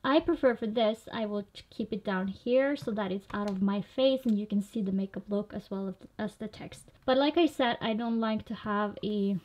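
A woman's voice: medium pitch, moderate pace, few pauses, a little mellow. A young woman vlogger talking casually through a screen tutorial, explaining each click as she goes. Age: young adult. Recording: slightly dull lo-fi audio.

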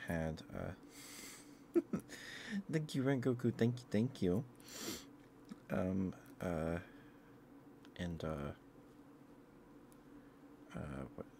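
A man with a low, deep voice chats casually with his stream viewers in a soft, unhurried ramble. He speaks close to the mic from a home streaming setup. A faint hiss sits under his voice. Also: gravelly. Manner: laid-back, meandering, soft-spoken. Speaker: ASMR streamer.

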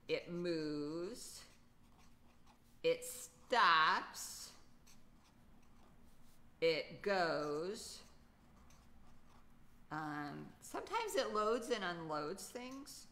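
Slow, low-voiced woman teaching poetry. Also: gravelly, slight background noise. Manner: patient, thinking aloud with fillers. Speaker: writing teacher. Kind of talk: children's poetry lesson.

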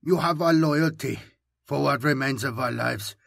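Brief: male narrator as an ill, blind old village elder; weak, trailing delivery, husky tone. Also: medium pitch, a little slow, fairly bright tone, no room sound, clean studio sound. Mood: weary, deferential. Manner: weak, faltering speech. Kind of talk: audiobook character voice.

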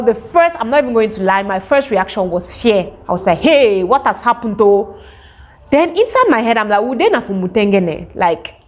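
A young Cameroonian woman telling a casual storytime to her viewers, lively and animated. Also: on the high side. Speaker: vlogger.

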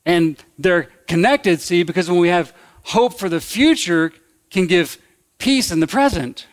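A man's voice: high-pitched, lively intonation, a little slow. A man preaching a sermon as pastor, in a conversational, folksy way that repeats and restarts phrases.

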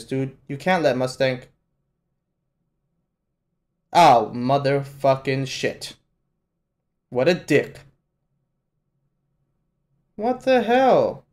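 A young man hosting a live anime reaction, swearing a lot and shouting at the screen in excitement. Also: mid-range voice, slow pace, pauses often. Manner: profane, excitable, yells at the screen. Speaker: reaction channel host.

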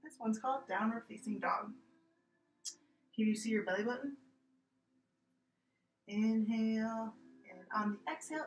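A young woman teaching a gentle, playful yoga class to preschool children, coaxing them along as she guides each pose. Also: fairly high pitch, measured pace, long pauses. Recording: echoey room with faint music.

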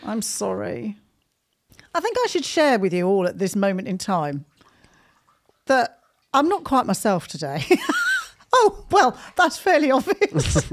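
A woman's voice: mid-range voice, very animated, unhurried, long pauses. A middle-aged woman co-hosting a podcast in casual, giggly, apologetic chat. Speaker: podcast co-host.

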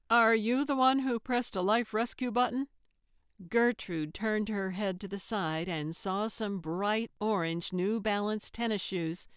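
A woman narrating a cozy mystery audiobook in a steady, even storytelling manner. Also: medium pitch, smooth, no room sound, clean studio sound.

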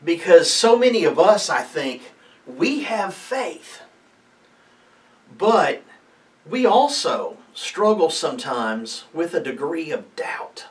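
Man giving a halting devotional. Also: on the high side, very animated, far from the mic. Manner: halting, many fillers and restarts, reads scripture aloud. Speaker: preacher. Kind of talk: informal mid-week devotional talk.

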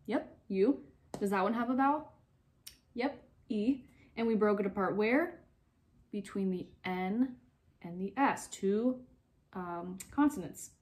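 A young woman teacher giving slow, clear, step-by-step instructions in a phonics lesson for young children. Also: mid-range voice.

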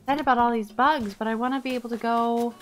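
A woman's voice: on the high side, faint music behind. A young adult woman streaming a life-sim game, chatting casually and reading game text aloud. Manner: chatty, reads game text aloud, quick swings from excited to irritated. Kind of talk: casual let's-play commentary.

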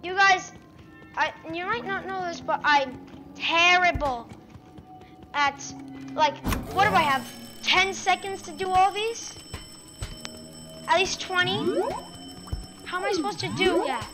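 A woman's voice: very high voice, measured pace, pauses often. A woman commenting on her own gameplay for viewers, exasperated and frustrated by the game. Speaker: gaming video creator. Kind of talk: let's play commentary. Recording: loud game music behind.

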